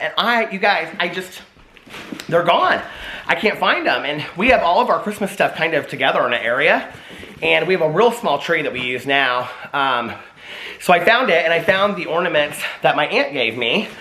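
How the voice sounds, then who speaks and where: A man talks to his viewers in a lively, chatty way, his pitch rising and falling a lot. His voice is bright and forward. The room around him is echoey, with a faint hiss underneath. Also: a little fast. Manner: chatty, animated, asks viewers questions. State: out of breath. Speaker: vlogger showing old Christmas keepsakes. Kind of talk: casual chat to camera.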